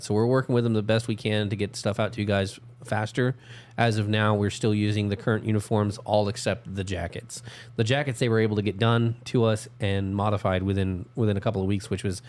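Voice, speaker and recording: A man with a fairly low voice co-hosts a loose, casual chat. He tells stories with a laugh, and when he reads out updates he slows down with small pauses and fillers. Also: darkish tone. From desert region of the US. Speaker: co-host.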